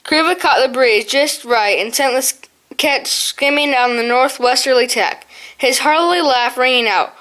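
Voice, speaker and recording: A woman's voice: high-pitched, normal speed, fairly bright tone. A woman reading an audiobook aloud, often stumbling and restarting words. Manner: frequent slips and restarts. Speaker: audiobook reader. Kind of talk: amateur audiobook narration.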